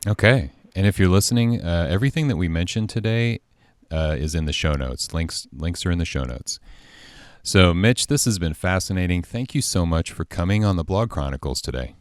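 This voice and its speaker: A man's voice: low-pitched, animated, fairly quick, no room sound, clean studio sound. A man hosting a podcast, upbeat and informal as he wraps up the interview and signs off. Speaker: podcast host.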